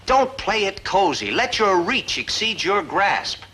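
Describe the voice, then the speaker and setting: A wry, lecturing schoolteacher. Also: male voice, sits high, very animated, a little slow, pushed and bright, a little hiss or hum, exaggerated voice, rough recording. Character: long-suffering male high school teacher. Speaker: teacher. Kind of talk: 1950s-60s sitcom acting.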